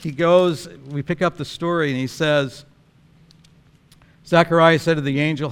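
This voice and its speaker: Animated male preacher, fairly high voice. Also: moderate pace, smooth. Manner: animated storytelling, chuckling often. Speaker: pastor. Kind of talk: sermon.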